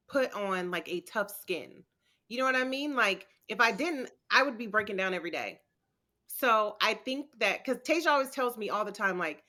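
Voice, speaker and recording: A woman co-hosts a casual podcast chat with a bright, forward voice. She talks bluntly and toughly, and keeps a direct, no-nonsense way about her. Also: medium pitch. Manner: blunt, tough-talking, acts out quoted remarks. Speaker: podcast co-host.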